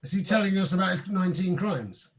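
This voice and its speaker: A man co-hosting a casual wine podcast, sweary and quick to laugh. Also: sits high, a little hiss or hum. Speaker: podcast co-host. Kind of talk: casual chat over wine.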